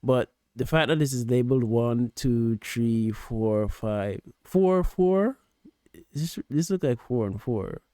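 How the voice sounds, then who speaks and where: A man in casual reaction commentary, his voice dark and mellow and close to the mic in a dry, dead room. He talks patiently, stumbles and repeats words as he explains his point. The pitch sits in a middle register. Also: a little slow, hardly any pauses, no room sound. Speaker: streamer reacting to a video.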